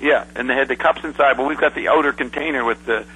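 A man hosting a relaxed conversation, prompting his guest and adding details. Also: mid-range voice, fast, breathy edge, poor audio. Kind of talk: casual conversation.

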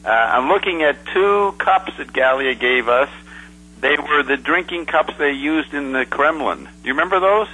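Relaxed male host, husky voice with lively pitch, casual chat. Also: moderate pace, rough recording. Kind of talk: casual conversation.

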